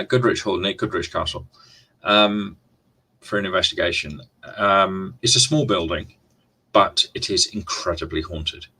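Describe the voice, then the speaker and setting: Low husky chatty man. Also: pushed and bright, rough recording. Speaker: livestream host. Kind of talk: casual live-stream chat to viewers.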